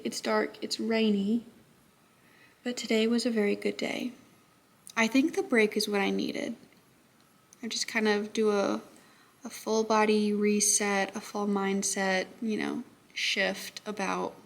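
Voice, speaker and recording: A young woman teacher vlogging in her classroom, chatting casually and thinking out loud, often gushing. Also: medium pitch. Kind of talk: casual vlog chat. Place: school classroom.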